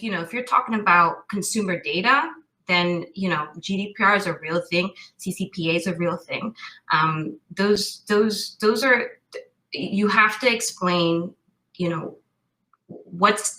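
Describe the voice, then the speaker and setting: Bright-voiced woman, risk expert guest. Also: medium pitch, measured pace, rough recording. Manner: thoughtful, many restarts. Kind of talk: casual interview talk.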